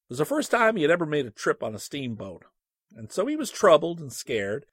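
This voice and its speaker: A man narrating a humorous classic text with expressive, animated storytelling. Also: a little high, breathy edge, no echo, studio quality.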